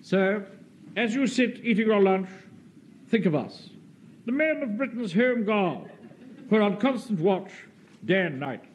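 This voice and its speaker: An actor playing a pompous, self-important middle-aged Home Guard captain who narrates a radio script. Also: male voice, high-pitched, lively intonation, measured pace, long pauses, lo-fi sound. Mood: indignant. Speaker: officer reading a radio script. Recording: hissy old radio recording.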